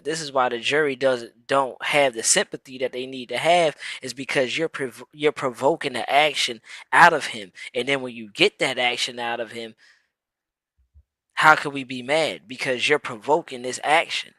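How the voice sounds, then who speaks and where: A man's voice: medium pitch, normal speed, bright, forceful tone, no echo. A man co-hosting a casual live-streamed talk show, slangy and repeating words as he builds his point. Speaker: podcast co-host.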